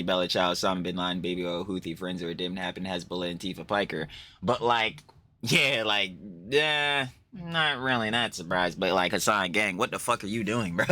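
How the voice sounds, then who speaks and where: A man's voice: on the low side, pushed and bright. A man hosting a reaction channel, talking in a casual, slangy, profane way with mocking asides.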